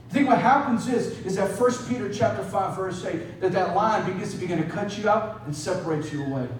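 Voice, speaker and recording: A young adult male pastor with a very high voice preaches a sermon, telling a story conversationally and often asking "right?". He's in a church hall, picked up by a distant mic with echo and slight background noise.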